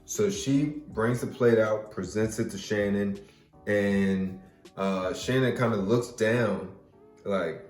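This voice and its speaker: Man, low voice, casual storytelling, fillers, echoey room, faint music behind. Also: takes it slowly. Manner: relaxed, rambling, many fillers. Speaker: podcast host telling his own story. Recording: roomy echo, faint music.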